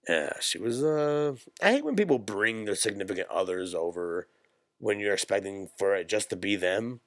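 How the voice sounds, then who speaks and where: A man's voice: on the low side, lively intonation, a bit bright, no echo. Rambling, profane young man. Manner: profane, rambling, jokey, quick bursts. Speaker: podcast co-host. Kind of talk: casual chat, storytelling.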